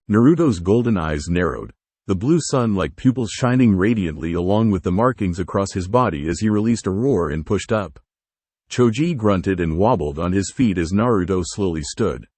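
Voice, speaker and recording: A man's voice: low voice, lively intonation, moderate pace, a little mellow, husky, no echo. A man narrating a fan fiction story aloud, giving the dialogue varied inflections. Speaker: fanfiction reader.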